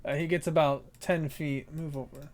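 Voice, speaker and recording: A man's voice: on the high side, little pitch movement, moderate pace. A man narrating as dungeon master, laughing and swearing through vivid descriptions. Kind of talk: narrating a tabletop game.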